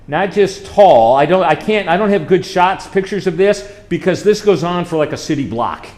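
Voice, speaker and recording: A man's voice: high-pitched, animated, normal speed, darkish tone. A middle-aged man from the United States, chatting folksily through a slideshow as a chaplain, with fillers and asides to the audience. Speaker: chaplain presenting a trip. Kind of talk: casual slideshow talk.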